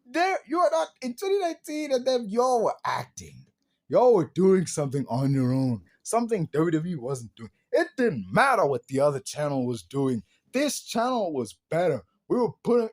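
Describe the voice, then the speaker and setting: A man's voice: sits high, darkish tone. A man hosting a podcast, ranting in a casual, slangy, exclamatory way and laughing often. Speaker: podcast host.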